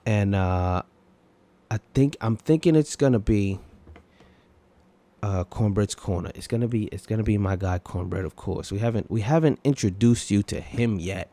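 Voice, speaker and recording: A man's voice: lowish voice, dark tone. A man hosting a podcast, rambling in casual chat and swearing often, with frequent tag questions. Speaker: podcast host. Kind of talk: casual profane reaction chat.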